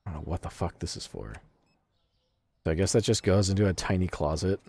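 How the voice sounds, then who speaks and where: A man's voice: low-pitched, very animated, fairly quick, vocal fry, a little mellow, husky, no room sound. A man streaming a game and casually chatting with his viewers, swearing freely and laughing often. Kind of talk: casual game livestream chat, reading chat aloud.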